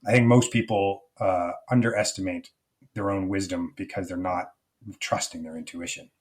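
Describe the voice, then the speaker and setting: A man's voice: low voice, steady tone, moderate pace, darkish tone. A man being interviewed as a guest, a life coach telling a personal story earnestly, with many fillers.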